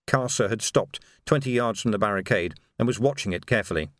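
A man narrating an audiobook in a steady, measured storytelling voice. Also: on the low side, no echo, clean studio sound.

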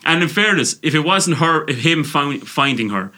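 A man's voice: on the high side, animated, normal speed, sharp tone. A young Irish man co-hosting a casual podcast, bantering, swearing and laughing often. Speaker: podcast co-host.

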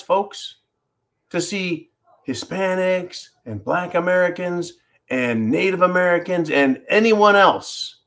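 A man's voice: a little high, fairly bright tone. A man hosting a political talk show, ranting in a sarcastic, profane and combative way. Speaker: podcast host. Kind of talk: political rant commentary.

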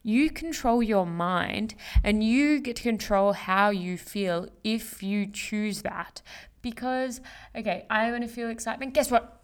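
A woman's voice: a little high, a little slow, clean tone. A young woman hosting a casual solo podcast, chatty and full of slang, fillers and swearing. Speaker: podcast host. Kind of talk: casual motivational monologue.

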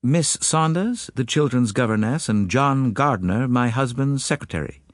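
In an audiobook, a man voices a worried mother of two boys, speaking urgently and pitching his medium voice above his own natural register. The lightly acted performance has lively intonation at normal speed, with a dry, clean studio sound.

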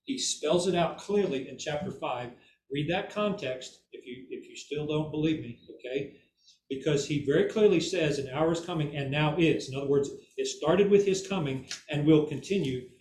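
A man's voice: a little high, normal speed, a little mellow, a little hiss or hum. A man giving an informal Bible teaching who keeps checking in with "okay?" and "right?" and repeats words for emphasis. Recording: echoey room, mic far off, faint ambience.

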